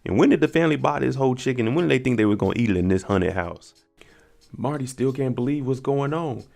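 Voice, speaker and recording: A man's voice: mid-range voice, lively intonation, quick pace, creaky, darkish tone, soft background music. A man giving a casual, slangy recap of a TV episode and reacting to each scene as he goes. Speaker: TV recap vlogger.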